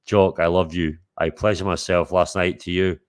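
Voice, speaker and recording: A man's voice: sits low, level tone, normal speed. A Scottish man hosting a livestream, boisterous and sweary, calling out to his viewers in casual chat. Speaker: livestream host.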